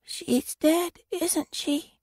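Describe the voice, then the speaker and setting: A man's voice: extremely high pitch, little pitch movement, drawn-out words, darkish tone, no room sound, studio quality, pitched above the performer's own voice, full character voice. A man voicing a young female cat apprentice in an audiobook, pleading and emotional. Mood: grieving. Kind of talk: audiobook character voice.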